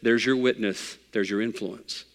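A pastor preaching a sermon in a conversational, folksy way with bits of humor. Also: male voice, on the low side, fairly even intonation, measured pace, gravelly, big-room sound.

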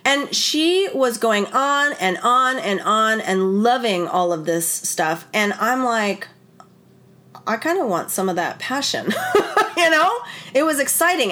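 A woman telling a personal story to camera in a casual, animated, rambling way, full of "like" and retold conversations. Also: a little high. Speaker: wellness vlogger and former wedding photographer.

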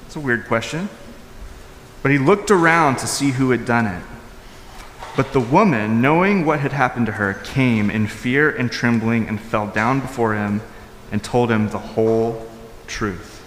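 A male pastor preaching a conversational sermon in a church hall, his voice ringing with a long reverb and a faint room hum behind it. He moves between raised, high-pitched emphasis and soft, low asides. His delivery is informal, full of restarts and fillers. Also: a little slow.

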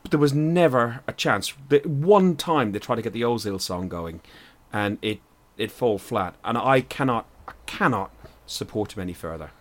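A man hosting a casual podcast chat, forceful and swearing as he steers the talk. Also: medium pitch, animated, normal speed. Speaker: podcast host.

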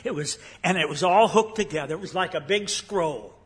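A man's voice: a little high, moderate pace. An older man giving a guest sermon, telling a story in a folksy way with frequent fillers and restarts, in a church sanctuary. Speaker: guest preacher.

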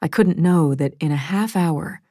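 A woman reading a first-person thriller audiobook in a measured, wry storytelling manner, close to a studio mic. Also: low-pitched, mellow, no room sound. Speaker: audiobook narrator.

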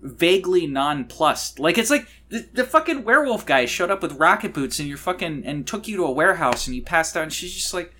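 A man's voice: a little high, fairly quick, few pauses, slight background noise. A man in casual movie review chat, exasperated and swearing often as he rants. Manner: animated, exasperated, swears a lot.

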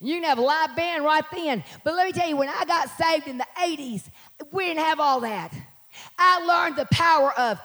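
Scratchy-voiced woman preaching loudly. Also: sits high, brisk. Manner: preaching with call-outs, shouting and singing. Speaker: pastor. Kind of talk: sermon.

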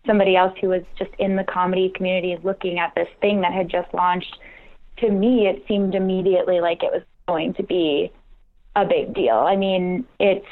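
An American woman guest on a phone interview, self-deprecating, laughing often and restarting her sentences. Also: medium pitch. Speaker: comedian guest. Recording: tinny phone line.

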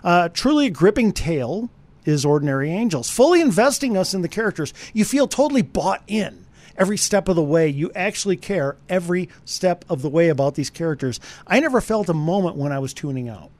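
Male radio film reviewer, animated and chatty, slightly high voice that swings a lot. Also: fairly quick, no room sound. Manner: animated, talks straight to listeners. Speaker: movie reviewer, radio co-host. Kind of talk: conversational radio movie review.

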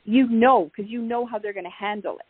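Chatty husky woman hosting over a call. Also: fairly high pitch, fairly quick, dry recording. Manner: chatty, affirming, many fillers. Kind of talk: casual conversation. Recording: tinny call audio.

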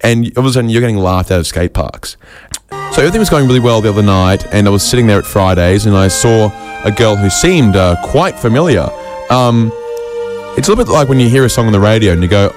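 A man delivering a rambling comic monologue full of quick asides and self-mocking jokes. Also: fairly low pitch, lively intonation, music in the background. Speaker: comedian host.

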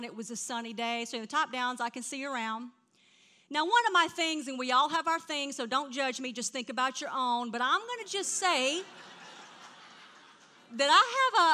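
High, bright woman preaching. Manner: animated storytelling, swings from hushed to loud. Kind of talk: sermon.

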